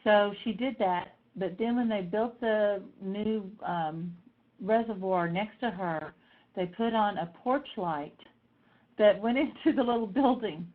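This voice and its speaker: A middle-aged woman telling personal stories in a lively way, acting out the voices of the people she quotes. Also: medium pitch, measured pace. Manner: animated, acts out voices in quotes. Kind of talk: personal storytelling talk. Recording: tinny phone-like sound.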